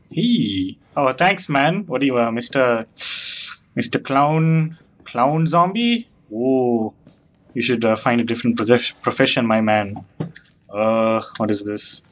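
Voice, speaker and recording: Slow-talking joking male gamer. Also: mid-range voice, a bit bright. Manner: joking, self-mocking, easily disgusted. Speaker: let's play commentator. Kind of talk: gameplay commentary.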